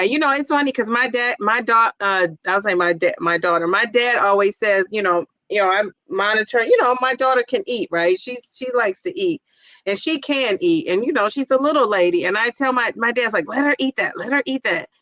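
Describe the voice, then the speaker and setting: A woman's voice: mid-range voice, moderate pace, sharp tone, no echo, rough recording. A middle-aged woman hosting a casual livestream, chatting, reading viewer comments aloud and laughing often. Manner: chatty, laughs often, exclaims "Jeez Louise". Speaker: livestream host.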